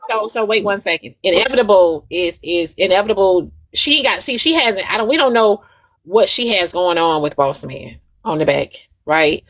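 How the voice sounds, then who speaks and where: A woman's voice: mid-range voice, moderate pace, no room sound. Emphatic woman hosting a live chat. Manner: emphatic, repetitive, addresses listeners as "y'all". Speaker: host of a live audio chat. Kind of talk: casual live chat, talking to listeners.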